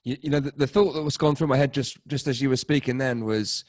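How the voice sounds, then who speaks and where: A man's voice: medium pitch, fairly even intonation, fast talker, darkish tone, dry recording, clean studio sound. Rambling male livestream host. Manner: rambling, with restarts. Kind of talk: casual livestream chat.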